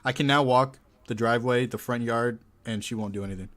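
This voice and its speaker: A man's voice: mid-range voice, steady tone, brisk, fairly bright tone. A man co-hosting a podcast, telling a story in an easygoing, chuckling way. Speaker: podcast co-host. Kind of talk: casual storytelling chat.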